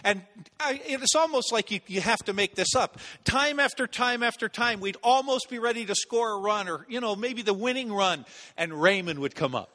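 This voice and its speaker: A man preaching a sermon as pastor, telling a personal story with animated delivery, acting out voices and shouts. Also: high voice, moderate pace, in a large hall.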